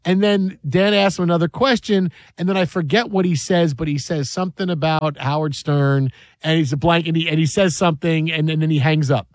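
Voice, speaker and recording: A man hosting a sports talk show, telling a story in an animated way and acting out the voices of the people in it. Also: on the high side, brisk, no room sound.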